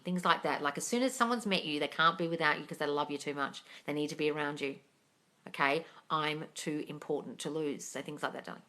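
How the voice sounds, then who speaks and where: This woman's low voice comes across brisk, bright and forceful. She's a manifesting coach fielding livestream comments, cursing freely, speaking bluntly, and referring to viewers as darling.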